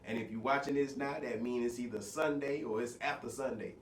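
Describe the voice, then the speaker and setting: A man hosting a casual podcast chat, slightly hoarse, talking in a laid-back way. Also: medium pitch, fairly even intonation. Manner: laid-back, swearing, drawn-out greetings. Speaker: podcast host. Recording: roomy, distant mic with faint noise.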